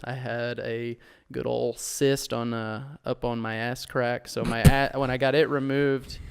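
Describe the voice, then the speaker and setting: A man's voice: medium pitch, little pitch movement, unhurried, gravelly, smooth. A young man co-hosting a podcast, telling loose personal stories in casual chat and laughing often. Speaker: podcast co-host.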